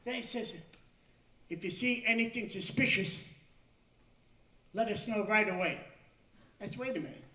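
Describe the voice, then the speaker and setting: Older new stand-up guy, shouts the punchlines, distant mic in a roomy club. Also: high-pitched, normal speed, long pauses. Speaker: stand-up comedian. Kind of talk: stand-up routine. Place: club stage before a live audience. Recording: echoey room, far from the mic.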